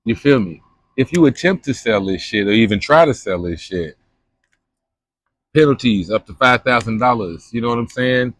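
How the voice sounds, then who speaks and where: A man's voice: medium pitch, lively intonation, moderate pace, a bit bright. A young man from Kentucky, vlogging outdoors at a spring on a phone camera, talking in a loose, slangy, rambling way. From Louisville, Kentucky. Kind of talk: casual vlog chat.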